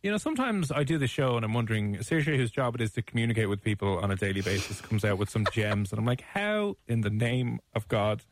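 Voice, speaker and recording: A man's voice: fairly low pitch, fast talker, few pauses, no room sound. A man with an Irish accent hosting a radio show, teasing his co-host in casual, playful banter. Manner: teasing, playful, mock-outraged.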